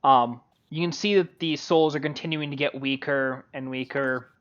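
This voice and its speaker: A man's voice: mid-range voice, steady tone, a bit bright. Hesitant male game master, lo-fi. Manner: halting, full of "um" and "like". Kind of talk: narrating a tabletop game. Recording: dull lo-fi audio.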